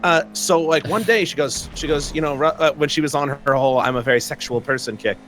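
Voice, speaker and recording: A man's voice: on the high side, brisk, a bit bright, faint music behind. A young man telling a long personal story in casual chat, rambling with many fillers and frequent laughs.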